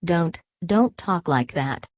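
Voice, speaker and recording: A woman's voice: fairly low pitch, lively intonation, slow pace, no room sound, studio quality. A woman reading as an ancient weary ghost hunter. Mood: solemn.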